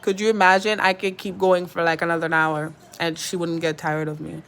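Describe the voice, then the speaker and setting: A woman's voice: on the low side, little pitch movement, fairly quick, noisy background. Chatty woman vlogging at home. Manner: chatty, rambling, with fillers. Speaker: vlogger with a pet parrot. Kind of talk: casual chat to camera.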